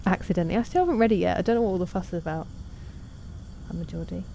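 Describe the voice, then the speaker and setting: A woman's voice: lowish voice, racing, gravelly, warm tone, slight background noise. A woman streaming a game, chatting casually and self-deprecatingly while reading out her chat.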